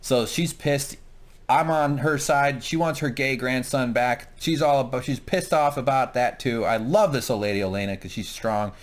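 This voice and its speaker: A man's voice: mid-range voice, normal speed. A man co-hosting a TV episode review, chatting casually, swearing freely and acting out scenes with silly voices. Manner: animated, profane, acts out scenes in silly voices.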